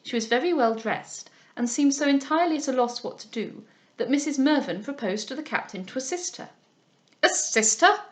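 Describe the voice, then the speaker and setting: A woman's voice: high voice, a little fast. A woman reading a classic novel aloud, arch and playful in her asides. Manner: arch and playful when chatting.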